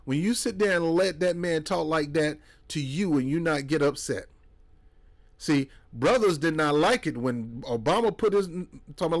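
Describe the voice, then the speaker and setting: A man's voice: fairly high pitch, lively intonation, unhurried. A man gives a fiery political monologue. He preaches hard, scolds his listeners, and mocks others by slipping into put-on voices. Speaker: commentator.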